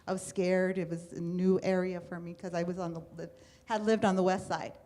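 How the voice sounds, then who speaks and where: A woman's voice: lowish voice, fairly quick. A middle-aged woman from the United States telling her personal life story to a live audience, acting out the voices of people she quotes. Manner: animated, acts out quoted voices. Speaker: speaker at a storytelling event.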